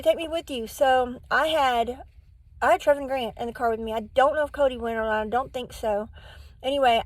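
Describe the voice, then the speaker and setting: A woman's voice: on the high side, no room sound, rough recording. A middle-aged woman telling a personal story to camera, candid and rambling, acting out what people said. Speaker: vlogger.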